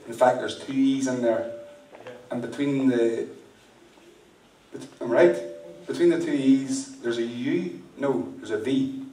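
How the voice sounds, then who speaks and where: A male magician with a medium-pitched, dark voice delivers live stage patter for a mind-reading act, playfully teasing and guiding volunteers. He's in a large indoor venue with an audience, recorded from a distance in an echoey space with faint noise.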